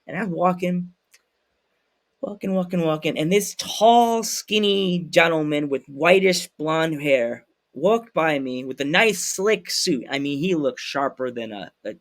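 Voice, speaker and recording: Man, high-pitched, animated storyteller, podcast host, casual chat. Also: unhurried. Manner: animated, acts out voices in anecdotes.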